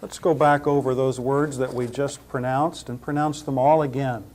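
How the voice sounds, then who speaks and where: A man's voice: medium pitch, fairly even intonation, normal speed, darkish tone. A man teaching New Testament Greek pronunciation. He spells out letters and repeats each word several times. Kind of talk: slow spoken pronunciation lesson.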